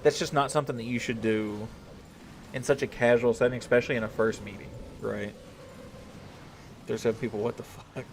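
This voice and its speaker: A man's voice: medium pitch, fairly even intonation, fairly quick, gravelly, long pauses, a little hiss or hum. A man hosting a gaming livestream, chatting loosely with his viewers. He rambles, swears freely and keeps checking in with "right?". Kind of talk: casual chat with a live audience.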